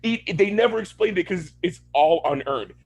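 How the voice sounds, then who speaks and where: High-pitched and animated, with a slightly rough edge, a man talks at a normal speed. He's a podcast co-host from Florida, USA, ranting in casual chat with heavy swearing and lots of laughs.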